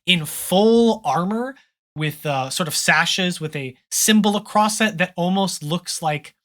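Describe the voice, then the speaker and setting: Bright, rambling game master narration. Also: mid-range voice, measured pace. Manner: loose, filler-heavy description.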